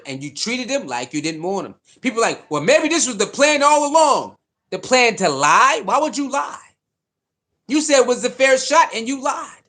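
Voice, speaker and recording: A man giving a heated, repetitive casual rant about a football team's quarterback choices. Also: high voice. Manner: animated, repetitive, preachy. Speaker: sports commentator.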